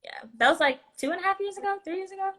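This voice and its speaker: A woman hosting a live stream chat, playful and quick to laugh. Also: very high-pitched, fairly bright tone. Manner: laughs often, playful and chatty. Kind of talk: casual chat.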